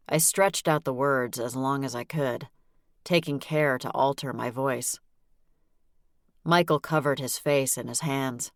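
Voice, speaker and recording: A woman narrating a novel in the first person, with a wry, brisk delivery. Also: extremely low pitch, dry recording, studio quality. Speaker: audiobook narrator.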